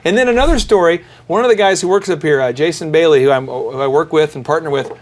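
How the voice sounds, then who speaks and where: A man's voice: on the high side, fast talker, a little hiss or hum. A man hosting a business podcast, telling sales stories in casual chat and acting out the people he quotes. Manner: animated storyteller, acts out quoted callers. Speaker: podcast host.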